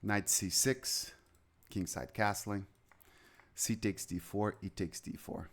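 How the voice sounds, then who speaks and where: A man's voice: on the low side, slow pace. A man giving live chess commentary, rambling and chatty, with anecdotes between moves.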